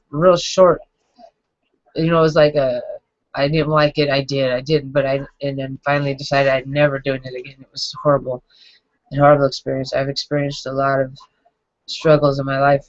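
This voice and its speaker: A woman in her forties, crying as she gives a halting, emotional confessional monologue to camera. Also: low voice, no room sound. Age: 40s. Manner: halting, emotional, many restarts. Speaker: vlogger. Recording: dull lo-fi home recording.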